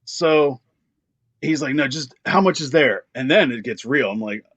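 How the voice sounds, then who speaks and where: A man's voice: medium pitch, measured pace, husky, dry recording, highs cut off. A young man from Pennsylvania, a drummer, telling a story in casual chat, laughing often and acting out the voices of people in it. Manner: animated, laughs often, acts out quoted lines. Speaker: band drummer, guest.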